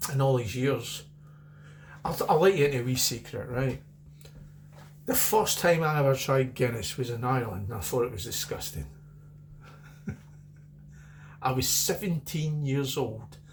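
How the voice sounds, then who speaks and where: Middle-aged Scottish man, chatty home beer reviewer, mid-pitched, wanders off on tangents. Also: slight background noise. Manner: rambling, chatty, repeats himself. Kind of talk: casual beer review vlog.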